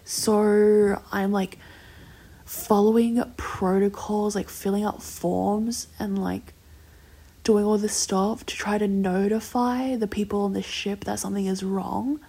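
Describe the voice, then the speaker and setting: A young woman tells a long personal story casually and ramblingly, packed with "like" fillers and sometimes dropping into soft whispers. Her voice is medium-pitched, steady, slow and husky.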